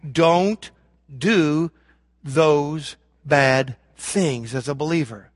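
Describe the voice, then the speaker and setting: A man preaching a sermon as pastor, swinging from loud emphasis to hushed lows and acting out imagined prayers. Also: no room sound, clean studio sound. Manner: acts out imagined prayers and voices of the congregation.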